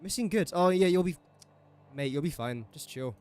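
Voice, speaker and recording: Chatty English lad, slightly high voice. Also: male voice, animated, normal speed, darkish tone, soft background music. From England. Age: young adult. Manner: chatty, jokey, talks to himself and the game characters. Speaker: gaming streamer. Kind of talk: casual gameplay commentary.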